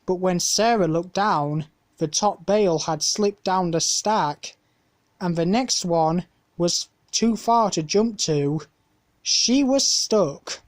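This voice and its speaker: A woman's voice: on the low side, takes it slowly. A woman reading a children's picture book aloud, carefully and with small slips. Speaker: storybook reader.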